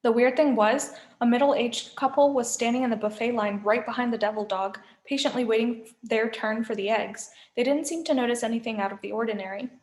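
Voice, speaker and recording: A woman, a teacher, reading a novel aloud with expressive storytelling. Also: a little high, brisk, few pauses. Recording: echoey room.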